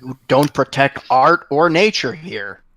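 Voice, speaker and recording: A man voicing a gruff, simple-spoken barbarian who drops words and talks about himself in the third person. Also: medium pitch, lively intonation, a little slow, a bit bright. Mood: blunt.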